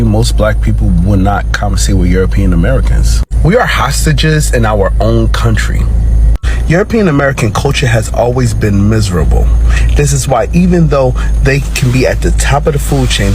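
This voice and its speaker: A man giving a firm, measured social media commentary, like a lecture. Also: medium pitch, lively intonation, noisy background. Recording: voice over clear background music.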